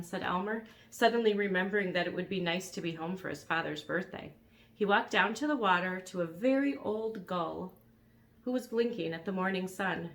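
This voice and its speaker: A woman reading a children's storybook aloud in a calm, even narrating voice. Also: lowish voice, normal speed. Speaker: reader.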